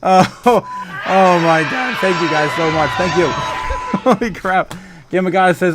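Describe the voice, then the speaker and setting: A man hosting a casual livestream, reading viewer comments aloud, excitable and laughing often. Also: high-pitched, measured pace, a little hiss or hum. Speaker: livestream host.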